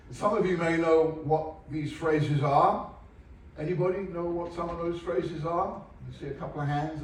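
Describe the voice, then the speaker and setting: A man's voice: mid-range voice, slight background noise. A man giving a humorous presentation to an audience, making dry, wry asides. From England. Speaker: onboard lecturer. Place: large ship theatre. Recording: echoey hall from far off.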